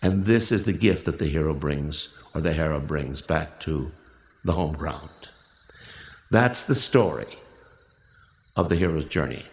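A man leading a workshop and giving measured, reflective spoken instructions for a recorded exercise, often restarting his phrases. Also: a bass voice, expressive, roomy sound. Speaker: workshop leader.

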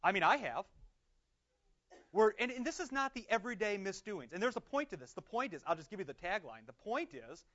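A man, a pastor, teaches a Bible class in a lively, conversational way, putting questions to the group and slowing down to read prayers aloud. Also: sits high. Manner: lively, conversational, asks questions and answers them. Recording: dull lo-fi recording.

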